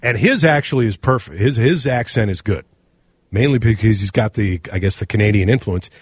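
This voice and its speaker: A man with a Minnesota accent co-hosting a casual radio talk show, animated and rambling, often correcting himself mid-sentence. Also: fairly low pitch, brisk, breathy edge, no echo. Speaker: radio co-host.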